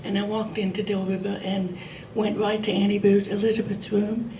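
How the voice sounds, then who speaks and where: An older woman recounts a personal memory to a gathered group. She speaks gently and reflectively at an ordinary pitch. Her voice reaches the mic from a distance in a roomy, reverberant hall, with faint noise behind. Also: level tone, moderate pace. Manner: warm, laughing, gentle and reflective. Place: meeting room.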